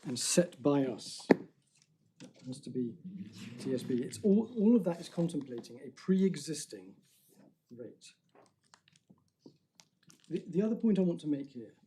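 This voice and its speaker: A man addresses appellate judges in a formal, measured way, repeatedly beginning phrases again. His mellow voice is of medium pitch, and a faint hiss or hum can be heard.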